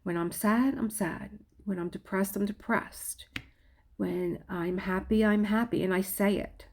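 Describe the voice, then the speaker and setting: A middle-aged woman telling a personal story candidly, halting often and restarting her sentences. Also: mid-range voice, fairly even intonation. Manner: candid, halting, with frequent restarts and soft laughs.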